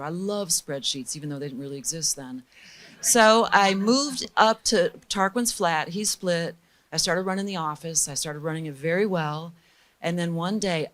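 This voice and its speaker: A middle-aged woman being interviewed as a guest, telling lively, candid stories and acting out the people she quotes. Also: low voice. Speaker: guest recording engineer. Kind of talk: storytelling in a casual interview.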